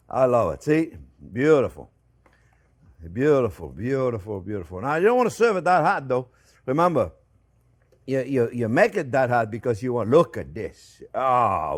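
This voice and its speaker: A man hosting a cooking show, chatty and animated, laughing often and repeating words as he demonstrates a recipe. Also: mid-range voice.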